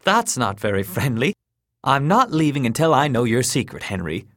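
A man puts on a greedy, pushy heavyset man in a told story, pitched higher and louder than the narration. He presses eagerly and impatiently, in a dry, close recording. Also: big pitch swings, normal speed, no room sound. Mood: eager, insistent.

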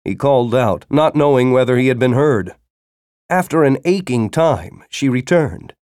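A male storyteller reading dramatically, with a widely swinging pitch. He moves from hushed narration to urgent, shouted lines. The recording is dry and close. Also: lively intonation, normal speed, clean tone, no room sound. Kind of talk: audiobook narration.

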